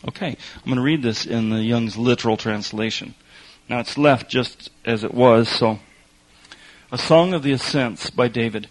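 A man preaching a sermon, telling a lively story with laughs and then reading scripture slowly and quietly. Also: mid-range voice, rough recording.

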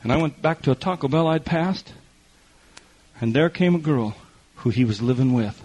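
A man's voice: mid-range voice, lively intonation, moderate pace, darkish tone, husky. A middle-aged man preaching a folksy testimony sermon, telling stories and acting out the other people in them. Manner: folksy storytelling with quoted voices and repetition. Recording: muffled lo-fi recording.

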